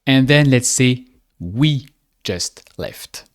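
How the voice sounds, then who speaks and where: A man teaching spoken in a guided speaking lesson, patient and deliberate, drawing out each example phrase. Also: mid-range voice, animated. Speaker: French teacher.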